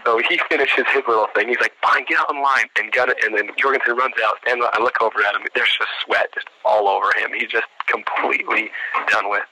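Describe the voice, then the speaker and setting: A young man telling an animated casual anecdote, with frequent restarts and acted-out quotes. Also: fairly low pitch, fairly quick, slight background noise, low-quality recording. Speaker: storyteller.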